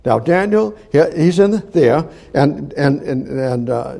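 A man delivering a sermon with a husky, mellow tone. His voice swings widely in pitch as he rambles, repeating himself and restarting sentences. He speaks a little higher than most men. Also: lively intonation, a little slow. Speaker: preacher.

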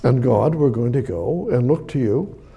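A man delivers a sermon with a gravelly, husky voice. His tone is dark and mellow. He repeats himself emphatically, rising to loud declarations and dropping to soft near-whispers. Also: mid-range voice, expressive, normal speed. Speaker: preacher.

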